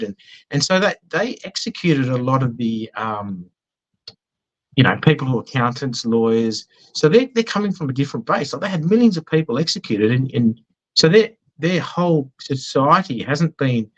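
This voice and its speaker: An Australian man appears as a business guest in a casual conversational interview, sharing anecdotes with self-deprecating humor. His mid-range voice comes through with lo-fi sound.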